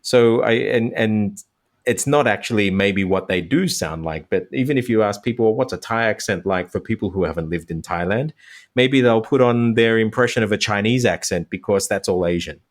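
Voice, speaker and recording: A man who teaches languages talks as a podcast guest, explaining his points with animated energy. His voice is on the low side, and he laughs easily. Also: normal speed. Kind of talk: conversational explanation.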